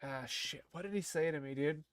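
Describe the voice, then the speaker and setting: A man's voice: on the high side, a little fast, smooth, no room sound. A young man streaming live, chatting casually in a rambling, profane way and laughing often. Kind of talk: casual chat while streaming a game.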